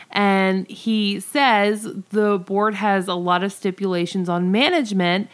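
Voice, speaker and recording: A woman in easy conversation on a podcast, walking through a TV episode's plot. Her talk is loose and chatty, full of "like" fillers. She sounds relaxed and amused. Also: medium pitch. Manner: chatty, many "like" fillers, giggly. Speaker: podcast co-host. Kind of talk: casual TV recap chat.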